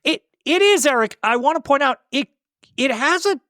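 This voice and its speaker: A man co-hosting a podcast, calmly walking through a film's scenes one by one. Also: very high-pitched, moderate pace, no echo, studio quality. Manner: relaxed, recaps scenes step by step. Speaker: podcast co-host. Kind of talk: casual film discussion.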